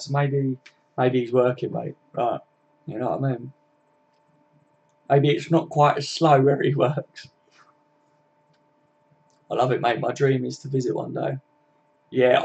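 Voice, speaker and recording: A man's voice: medium pitch, gravelly, mellow, slightly rough. Blunt chatty Scouse man streaming. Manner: blunt, chatty, swearing, frequent laughs. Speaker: fan channel live streamer. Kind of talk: casual live stream chat reading comments. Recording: dull lo-fi stream audio.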